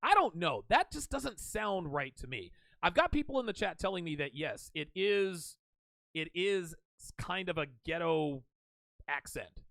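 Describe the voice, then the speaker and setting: A man's voice: high voice, very animated, measured pace, vocal fry, fairly bright tone, no echo. A man hosting a reaction commentary show, talking back at a clip in a mocking tone.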